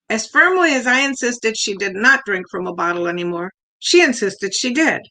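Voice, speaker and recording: A woman's voice: on the high side, lively intonation, brisk, hardly any pauses, bright, forceful tone, rough recording. An older woman reading her own humorous family story aloud, acting out the quoted lines as she goes. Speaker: contest winner reading her piece.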